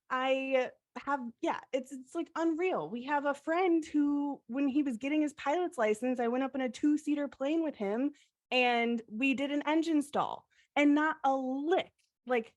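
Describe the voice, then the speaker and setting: A young adult woman co-hosting a podcast retells a personal story with real feeling, leaning heavily on "like." Her voice is fairly high and her pace measured.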